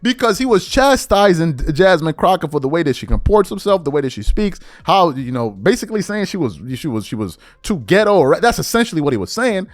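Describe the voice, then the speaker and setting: A man's voice: fairly high pitch, big pitch swings, a little fast, few pauses, no room sound, studio quality, soft background music. A middle-aged man hosting a political commentary monologue, incredulous and full of rhetorical questions.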